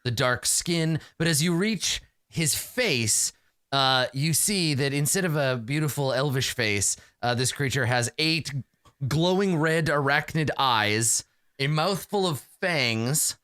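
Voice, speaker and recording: A man narrating a tabletop game as game master, halting with many fillers. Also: on the high side, clear, resonant tone, no room sound, studio quality. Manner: lively, halting narration full of fillers, slips into character voices.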